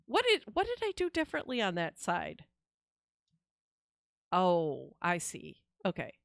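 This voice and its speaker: Lively, expressive woman streamer. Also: on the low side, unhurried, creaky, no echo, clean studio sound. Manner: chatty and expressive, reacting to chat with laughs and sighs. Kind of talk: casual live-stream chat while gaming.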